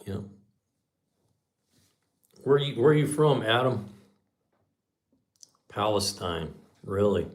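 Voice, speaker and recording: A laid-back man in his sixties with a low voice, rambling loosely as he hosts a relaxed livestream and often tacks "man" onto the end of his sentences. He speaks in an easygoing, unhurried conversational style. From Southern California, USA. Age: 60s. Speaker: livestream host. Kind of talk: casual livestream chat.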